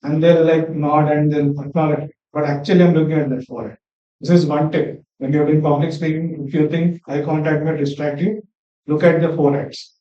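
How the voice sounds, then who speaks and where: A man's voice: fairly high pitch, flat delivery, fairly quick. Young guy sharing tips, lots of likes and uhs, sounds far off and muffled. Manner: hesitant, many fillers. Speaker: workshop participant. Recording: dull, roomy sound from far off the mic.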